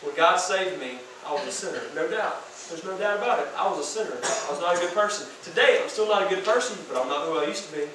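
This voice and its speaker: A man preaching a sermon as youth pastor in a casual, slangy, animated way, in a large room. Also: sits high, fast talker, hardly any pauses, a little hiss or hum. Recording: echoey room from far off.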